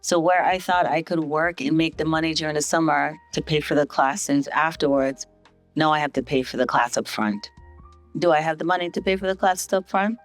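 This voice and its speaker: Lively middle-aged woman telling her story. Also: sits low, a little fast, faint music behind. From St. Vincent. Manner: lively storyteller who acts out other people's quoted lines in a raised voice. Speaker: guest, hospital CEO. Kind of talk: casual storytelling in a podcast interview.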